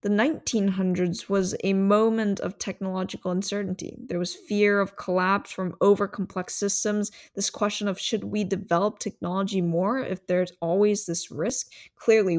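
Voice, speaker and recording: A woman's voice: medium pitch, moderate pace, darkish tone. A woman hosting a solo podcast, explaining ideas in a reflective, thinking-aloud way. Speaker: podcast host.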